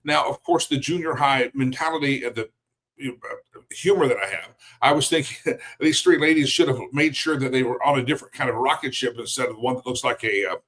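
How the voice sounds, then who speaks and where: A man's voice: medium pitch, brisk, a bit bright, rough recording. A man hosting a daily news show, giving blunt, mocking opinion commentary with chuckles between remarks.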